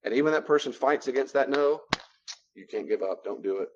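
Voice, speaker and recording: A man's voice: mid-range voice, lively intonation, fairly quick, dull audio. A man teaching a class on personal boundaries in a conversational lecture style, repeating phrases for emphasis. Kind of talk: classroom lecture with role-play.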